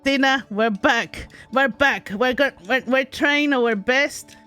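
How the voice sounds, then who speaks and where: A woman doing let's play commentary, excitable, talking to herself with shrieks and laughs. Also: high-pitched, takes it slowly, clear, resonant tone, soft background music. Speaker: gaming streamer.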